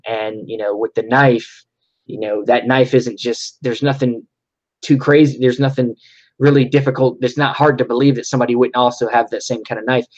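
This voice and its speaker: A man's voice: medium pitch, dull audio. A man talking casually about a film, rambling with lots of restarts and fillers. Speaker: podcast co-host.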